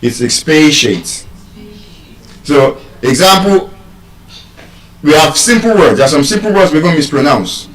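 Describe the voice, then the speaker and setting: Nigerian male speaker, lively teacher at a distant mic in a reverberant hall. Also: a little high, normal speed. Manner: animated, quizzes the audience with questions. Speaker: public speaker teaching pronunciation. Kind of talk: live speech to an audience. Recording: echoey hall, voice from far off.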